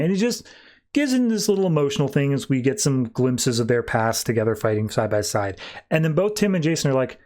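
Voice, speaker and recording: A man's voice: medium pitch, animated, normal speed, darkish tone. A man hosting a podcast, recapping comics in a chatty, loose way full of fillers. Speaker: podcast host.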